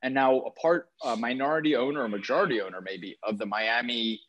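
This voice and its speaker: The recording is muffled, and the man's mid-range voice runs fairly quick. He's co-hosting a podcast during a trip away from home, enthusiastically and energetically covering sports cards while correcting himself.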